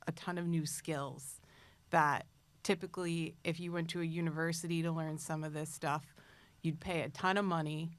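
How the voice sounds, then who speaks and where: Woman, media director, earnest and upbeat, slightly low voice, dry room. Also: steady tone, normal speed, no room sound. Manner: earnest, enthusiastic. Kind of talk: casual chat.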